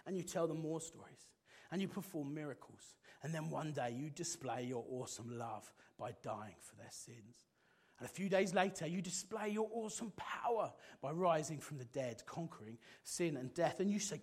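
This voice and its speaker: High-voiced, passionate preacher man. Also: expressive, moderate pace, husky. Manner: passionate, swinging from loud exclamations to hushed intensity. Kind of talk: sermon.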